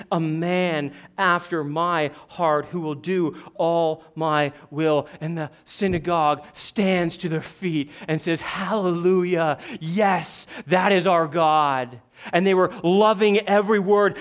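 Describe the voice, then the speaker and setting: Male pastor, high voice, emphatic sermon delivery with sudden hushed drops. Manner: emphatic, rising and dropping to a hush.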